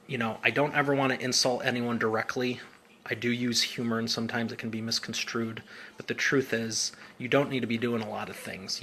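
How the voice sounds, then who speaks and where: A man's voice: mid-range voice, pushed and bright, a little hiss or hum. Upbeat casual man coaching business. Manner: casual, upbeat, informal slang. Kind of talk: live Q&A answering viewer comments.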